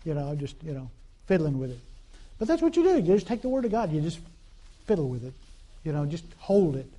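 A man's voice: on the high side, very animated, a little fast, mellow. A man preaching a conversational sermon in a folksy, repetitive way, full of fillers and call-and-response asides.

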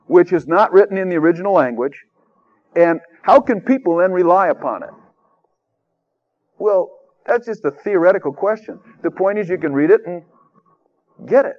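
A man preaching in a folksy, conversational and emphatic way, in a radio sermon. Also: a little high. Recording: dull lo-fi radio recording.

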